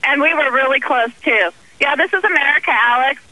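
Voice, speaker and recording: A woman's voice: high-pitched, a little fast, sharp tone, dry recording, poor audio. A woman activist speaking by phone in an interview, earnest and indignant, with many ums. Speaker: guest activist.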